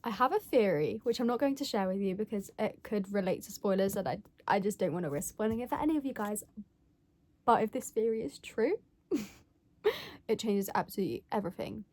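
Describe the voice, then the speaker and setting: A woman's voice: medium pitch, lively intonation, brisk, darkish tone. A young woman talking casually in a reading vlog, giggly, emotional and rambling. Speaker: book vlogger.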